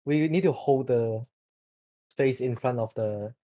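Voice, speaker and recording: A man's voice: medium pitch, a little slow, mellow, muffled recording. A man being coached, giving short hesitant answers. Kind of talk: voice chat answers.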